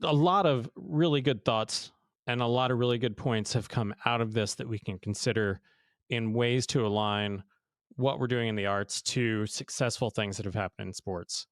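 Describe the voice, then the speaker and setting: Relaxed male co-host signing off. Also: mid-range voice, normal speed, no room sound, studio quality. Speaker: podcast co-host. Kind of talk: podcast sign-off and chat.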